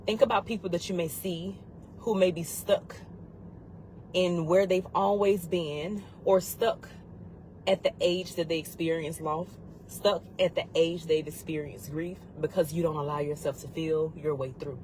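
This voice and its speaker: A woman's voice: on the low side, steady tone, measured pace, a little mellow, slight background noise, rough recording. A woman giving a heartfelt motivational talk on grief, earnest and urgent, repeating key phrases for emphasis. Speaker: grief support speaker.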